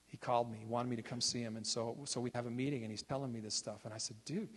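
A minister sharing testimony stories in a relaxed, conversational way, acting out the people he quotes. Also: medium pitch, fast talker, big-room sound. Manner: conversational, acts out quoted speakers. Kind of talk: sermon testimony storytelling.

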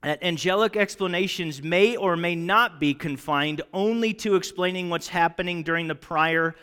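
Brief: animated preacher, high voice, chatty teaching in a reverberant hall. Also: male voice, moderate pace, smooth. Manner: conversational, animated with checking questions. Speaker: Bible teacher. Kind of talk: sermon teaching.

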